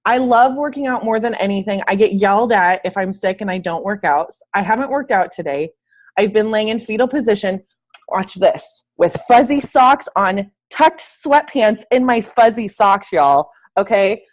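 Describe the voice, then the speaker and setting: A woman fitness coach talks to her team over a call from bed at home. She is sick and a little wheezy, but she stays upbeat and emphatic, leaning on casual slang. Her voice sits at a middle pitch for a woman. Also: animated, moderate pace. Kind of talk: casual motivational talk.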